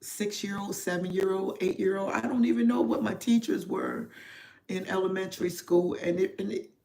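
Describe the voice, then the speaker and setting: A middle-aged woman speaks to her livestream audience as a spiritual therapist, her voice emotional and confiding. She talks slowly and reflectively, pausing often and leaning on soft fillers as she searches for words. The tone is that of a personal, confessional talk. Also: mid-range voice, big pitch swings, vocal fry. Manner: slow, reflective, heavy with pauses and fillers.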